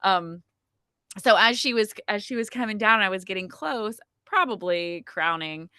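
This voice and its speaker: A woman telling a personal story in a casual podcast conversation, chatty and animated, with plenty of "like" and "um". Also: mid-range voice, normal speed, smooth, no echo, clean studio sound. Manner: chatty, frequent "like" and "um" fillers, animated retelling. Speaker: podcast guest telling her birth story.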